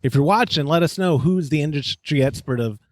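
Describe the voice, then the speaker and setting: A man hosting a casual homebrewing podcast, joking and rambling, quick to laugh. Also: a little high, no room sound. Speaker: podcast host. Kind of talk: casual chat.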